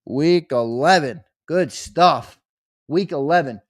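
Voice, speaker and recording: A young man hosting a casual live stream, chatting with viewers and reading names off a list in a lively, teasing way. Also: on the high side, takes it slowly, no echo, clean studio sound. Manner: lively, teasing, talks straight to chat with "brother". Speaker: host of a sports live stream.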